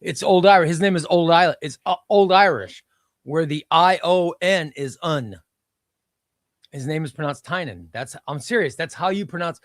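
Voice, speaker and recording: A man with a slightly high voice talks into a close, dry mic on a live stream. He is enthusiastic and chatty and keeps repeating his words. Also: normal speed, no room sound. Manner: enthusiastic, repeats himself, reads chat aloud. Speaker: comic book live stream host. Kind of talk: casual live stream chat.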